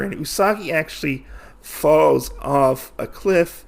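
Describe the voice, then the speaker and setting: A man's voice: fairly high pitch, expressive, unhurried, gravelly. A man hosting a podcast, casually recapping a comic issue in a rambling way, full of fillers and restarts. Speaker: podcast host.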